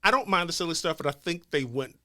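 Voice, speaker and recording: A man's voice: a little high, animated, fast talker, sharp tone, no echo, clean studio sound. A middle-aged man co-hosting a podcast in casual chat, rambling with frequent restarts. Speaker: podcast co-host.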